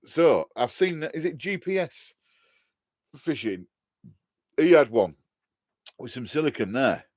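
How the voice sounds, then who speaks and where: Jokey middle-aged man, broad Hull accent, mid-pitched voice, dry close sound, rambling live-stream chat. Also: sing-song, slow pace, a little mellow, dry recording. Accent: Hull, East Yorkshire. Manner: chatty and jokey, laughs often, rambling with restarts. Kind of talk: casual live-stream chat, answering viewer comments.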